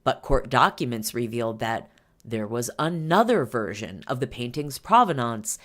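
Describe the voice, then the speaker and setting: A woman's voice: a bass voice, very animated, moderate pace, fairly bright tone. A woman hosting a podcast, reading an article aloud and breaking off for chatty asides full of fillers. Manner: chatty asides with fillers between read passages. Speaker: podcast host.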